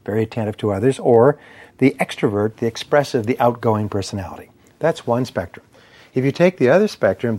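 Male speaker, motivational lecture, measured emphatic delivery, mid-range voice. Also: medium pitch, darkish tone. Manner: measured, emphatic, lists points in cadence. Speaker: speaker on persuasion and sales.

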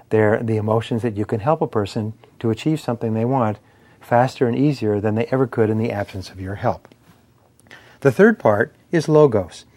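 A man's voice: medium pitch, warm tone. Man giving an emphatic motivational lecture. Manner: measured, emphatic, lists points in cadence. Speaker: speaker on persuasion and sales.

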